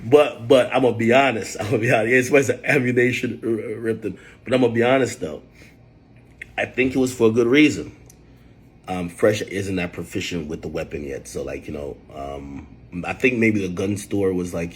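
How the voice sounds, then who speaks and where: A man hosting a livestream, telling stories in animated casual chat, with a husky voice and sudden loud outbursts. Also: on the low side, fairly quick, slight background noise. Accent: New York. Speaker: livestream host.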